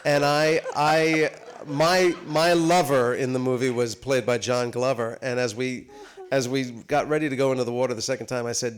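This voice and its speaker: A man in his fifties tells comic stories on a theater stage with a mid-range voice. He talks with plenty of ums and restarts. He sounds lively and animated. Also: medium pitch, moderate pace. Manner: animated, comic anecdotes with many fillers. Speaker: guest actor at a live talk. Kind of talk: storytelling on stage. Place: theater stage before a live audience.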